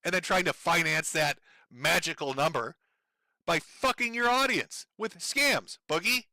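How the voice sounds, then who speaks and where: A man's voice: on the high side, lively intonation, a little slow, pushed and bright, no echo. A middle-aged man giving angry, profane commentary on a livestream, mocking and sarcastic, sore from broken ribs. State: in pain from broken ribs, on medication.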